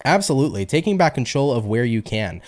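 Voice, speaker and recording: A tarot reader gives a chatty live-stream reading, reading viewer comments aloud as he goes. He talks fast and animatedly in a mid-range voice.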